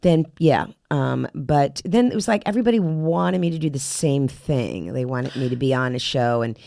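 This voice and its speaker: A middle-aged woman, a character actress, talking casually as a podcast guest, chatty and halting with many restarts. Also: rumbling low, lively intonation, creaky, warm tone, no echo, clean studio sound.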